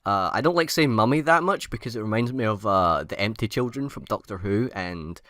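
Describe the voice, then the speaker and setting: A man's voice: lowish voice, animated, fairly quick, a bit bright. A man co-hosting a podcast, rambling and giggly, stumbling over his words in casual chat. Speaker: podcast co-host.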